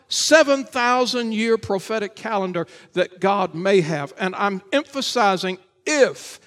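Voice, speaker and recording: A man, a pastor, preaching a Sunday morning sermon in church, emphatic and repetitive, rising to shouts and then dropping low. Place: church service.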